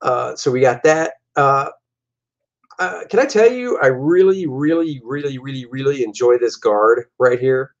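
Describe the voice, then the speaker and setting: A man hosting a show and giving casual, animated commentary on his own comic artwork. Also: mid-range voice, measured pace, highs cut off. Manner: animated, jumping into voices for his characters. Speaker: comic artist and show host.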